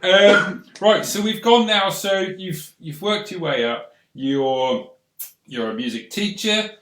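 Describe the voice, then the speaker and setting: A man's voice: high-pitched, slow, noisy background. A man hosting a live show over a video call, upbeat and inviting the audience to join in. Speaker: host. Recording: roomy echo.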